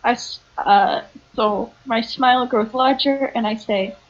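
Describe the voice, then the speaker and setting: Brash, breathy young woman player. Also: fairly high pitch, unhurried, lo-fi sound. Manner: brash, gleeful, laughs often. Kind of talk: playing a tabletop game.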